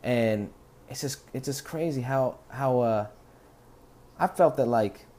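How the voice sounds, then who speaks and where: A man's voice: mid-range voice, takes it slowly, mellow. Laid-back rambling man, casual podcast talk. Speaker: podcast host.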